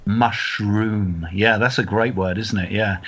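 A man's voice: fairly low pitch, steady tone, normal speed, a bit bright, slightly rough, highs cut off. A man co-hosting a podcast, chatting casually and joking playfully, humming silly jingles. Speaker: podcast co-host. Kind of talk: casual chat.

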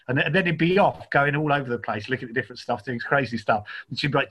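A man's voice: medium pitch, rapid-fire, hardly any pauses, fairly bright tone, husky. A man co-hosting a podcast, telling rambling stories and laughing often. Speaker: podcast co-host. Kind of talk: casual chat.

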